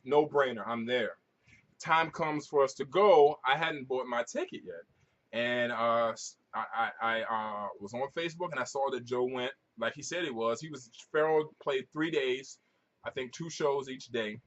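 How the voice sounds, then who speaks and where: A man, a record-collecting vlogger, telling stories to camera at home in an animated, profane way with frequent restarts. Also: mid-range voice, moderate pace, muffled recording. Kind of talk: casual storytelling to camera.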